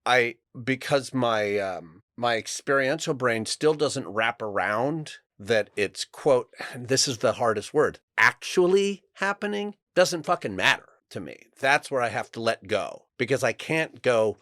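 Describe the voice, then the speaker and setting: A man's voice: mid-range voice, sing-song, a little slow, fairly bright tone, no room sound, studio quality. A man on a podcast in casual chat, reflective and frank, swearing casually as he thinks aloud. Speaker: podcast regular.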